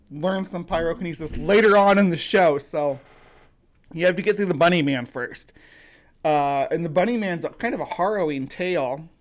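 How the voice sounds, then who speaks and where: Rambling livestream host, fairly high voice. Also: male voice. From United States. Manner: rambling, halting, many fillers and restarts; greets viewers by name. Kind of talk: casual livestream chat.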